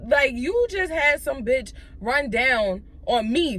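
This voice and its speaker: A young adult woman vlogger telling a casual, profane story, animated and full of fillers. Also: sits high, unhurried.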